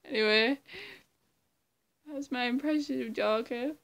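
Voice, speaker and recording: A woman's voice: on the high side, steady tone, unhurried, darkish tone. A woman in casual chat between her impressions, giggly and self-deprecating, who swears casually. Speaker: impressionist video creator.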